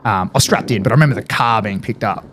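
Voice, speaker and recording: A man's voice: fairly low pitch, fairly bright tone, a little hiss or hum. An Australian man, a podcast guest, telling a war story in casual chat and swearing freely. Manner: fast, swears freely, lots of fillers. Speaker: podcast guest, former paratrooper.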